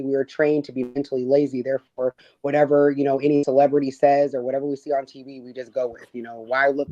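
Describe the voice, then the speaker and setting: A hoarse woman from Seattle, speaking as an energetic, outspoken guest in a casual interview. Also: deep voice, no echo. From Seattle, USA. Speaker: guest, advocacy founder. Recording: dull lo-fi audio.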